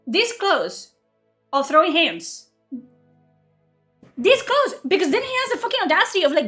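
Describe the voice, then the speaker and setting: A woman in her late twenties telling a story as a heated, profane rant, acting out both sides of an argument. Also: sits high. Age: late 20s. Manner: heated, profane, animated retelling. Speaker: streamer.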